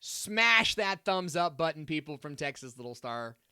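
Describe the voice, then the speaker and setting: A man's voice: on the high side, very animated, normal speed, sharp tone, clean tone, no room sound, clean studio sound. A man hosting a live stream, reading out viewer comments and answering them in a chatty, upbeat way with lots of fillers and asides.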